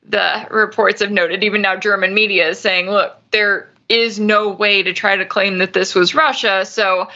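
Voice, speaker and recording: A woman's voice: medium pitch, fairly even intonation, moderate pace, few pauses, pushed and bright, highs cut off. A woman hosting a news commentary show, arguing her points through hypotheticals and rhetorical questions. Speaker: radio news host.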